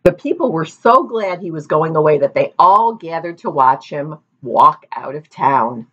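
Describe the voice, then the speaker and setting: Lively woman reading a storybook. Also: deep voice, a little slow, slightly rough, dull audio. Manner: lively, playful asides. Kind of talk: reading a storybook aloud to children.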